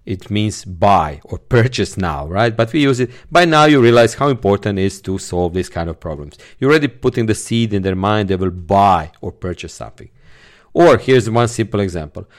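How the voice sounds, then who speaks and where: A man hosts a solo podcast as a sales trainer, teaching sales techniques and stressing key words in his examples. His voice is fairly low and expressive, at a normal speed.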